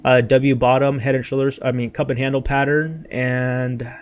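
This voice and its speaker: A man's voice: medium pitch, level tone, normal speed. A young man hosting a casual crypto livestream from his bedroom, hyped and rambling, wired on caffeine and a bit out of breath, with lots of "dude" and "bro". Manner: hyped, rambling, says freaking and dude a lot.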